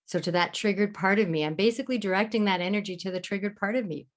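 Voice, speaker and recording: A woman hosting a live online masterclass as a mentor, explaining in an encouraging way and speaking mantras softly and slowly. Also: medium pitch. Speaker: love mentor and masterclass host.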